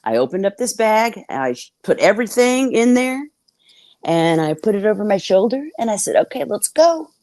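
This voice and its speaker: This woman's mid-range, slightly mellow voice has lively intonation and a normal speed, captured in studio quality with no echo. Speaking as a guest on a video call, she tells her story candidly and bluntly. She swears freely and voices the quoted lines of the people in it.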